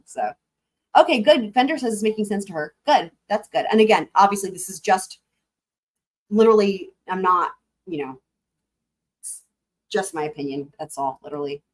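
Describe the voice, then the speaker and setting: Brief: woman streamer, mid pitch, loose rambling commentary full of "like" and "right?", addressing chat. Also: lively intonation, normal speed, long pauses. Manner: rambling, frequent fillers, talks to chat. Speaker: livestream host. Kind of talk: casual live commentary.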